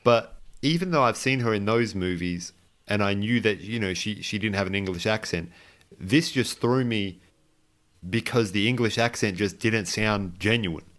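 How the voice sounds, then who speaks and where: This podcast co-host is a man whose lowish voice has a bit of brightness and a moderate tempo. He talks about a movie casually and meanderingly, full of false starts, fillers, and wry jokes at his own expense.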